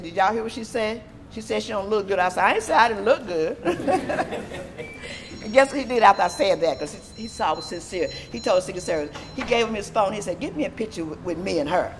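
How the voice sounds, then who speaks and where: A middle-aged woman from Texas, a disability advocate, telling a story in a lively, animated way with laughter. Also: medium pitch, fast, noisy background. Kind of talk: storytelling interview.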